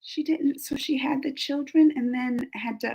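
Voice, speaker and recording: A woman hosting a live-stream chat, reading viewer comments aloud and answering them in a lively, talkative way with frequent laughter. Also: high-pitched, unhurried, vocal fry. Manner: animated and chatty, laughs often, gasps. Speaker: reaction channel host.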